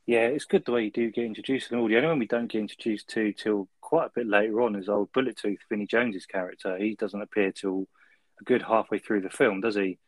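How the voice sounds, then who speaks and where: A man's voice: fairly low pitch, steady tone, fast talker, dry recording. A man co-hosting a casual film review, chuckling and ending lines with tag questions. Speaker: podcast co-host.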